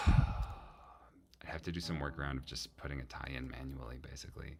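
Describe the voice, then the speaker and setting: A man's voice: very deep voice, fairly even intonation, moderate pace, vocal fry. A man composing music and thinking aloud, muttering to himself and humming melodic lines on "da".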